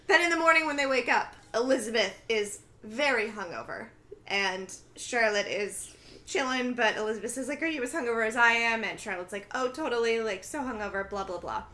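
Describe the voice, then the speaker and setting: A woman's voice: a little high, a little fast, sharp tone. A woman co-hosting a casual podcast, animatedly retelling a TV episode with frequent laughter. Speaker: podcast co-host recapping a TV episode. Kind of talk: casual chat.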